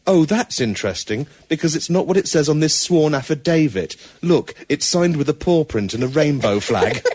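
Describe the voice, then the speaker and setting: A man hosting a comedy podcast, narrating an absurd scene in a deadpan, mock-serious way. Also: a little high, moderate pace, a little hiss or hum. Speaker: podcast host.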